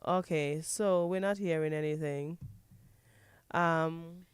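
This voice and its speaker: Woman, radio host, brisk, curious, smooth clear voice, dry close sound. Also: low voice, fairly even intonation, dry recording. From Dominica. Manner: curious, repeats phrases back, brisk. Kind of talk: casual radio talk. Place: radio studio.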